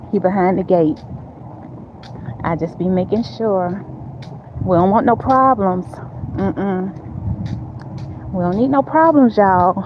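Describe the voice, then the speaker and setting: A woman hosting a casual livestream, chatting with viewers and laughing often as she walks to her car, talking into a handheld phone. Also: medium pitch. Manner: chatty, talks to chat readers, frequent laughs and fillers. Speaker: livestream host. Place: outdoors, walking to her car. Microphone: phone held in hand. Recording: dull phone audio with outdoor noise.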